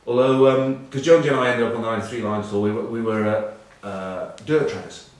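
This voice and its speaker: Here a former rugby captain, an Englishman in his forties, delivers a web news piece in a mid-range, steady, darkish voice with a brisk pace. He tells rambling, self-mocking anecdotes with a dry edge and plenty of filler sounds, recorded far from the mic in a strongly echoing room with faint background noise.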